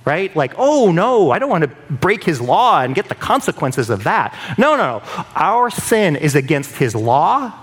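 A man delivers a sermon with a fairly high, very lively voice that rises and falls a lot. He talks to his listeners in a chatty way, asking "right?" again and again. He slips into raised, pleading voices to act out prayers. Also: normal speed, husky. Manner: conversational, keeps asking "right?". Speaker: preacher.

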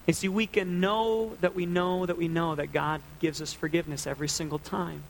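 A man's voice: a little high, little pitch movement, brisk, gravelly, slight background noise, poor audio. A man preaching a sermon as a pastor, earnest and conversational.

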